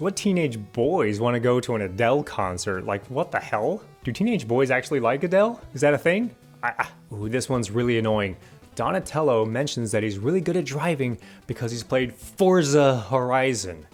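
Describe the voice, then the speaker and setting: A man giving a casual spoken film review, exasperated and sarcastic as he rants about what he dislikes. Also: mid-range voice. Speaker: movie reviewer.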